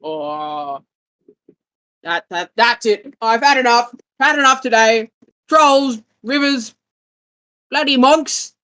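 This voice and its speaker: A woman's voice: fairly high pitch, animated, slow, long pauses, fairly bright tone, pitched above the performer's own voice. A woman voicing an irritable male villain who commands zombies, grumbling and exasperated.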